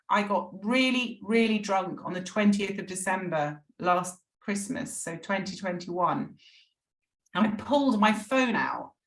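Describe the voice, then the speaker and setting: A middle-aged woman opens up as a podcast guest about her own story. She speaks earnestly and with feeling, often restarting her sentences. Her voice sits at an ordinary pitch, and the room around her sounds echoey. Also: a bit bright. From England. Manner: earnest, emotional, frequent restarts. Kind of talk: candid personal recovery story.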